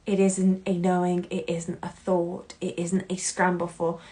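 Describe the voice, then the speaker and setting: A woman hosting a solo podcast, talking in an earnest, heartfelt way that swings between loud and hushed. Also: on the low side, flat delivery, slow. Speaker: podcast host.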